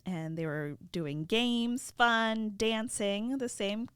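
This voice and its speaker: A woman podcast co-host retelling a fairy tale casually, with animated, laughing asides. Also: a little high, slow, clean tone, dry recording, studio quality.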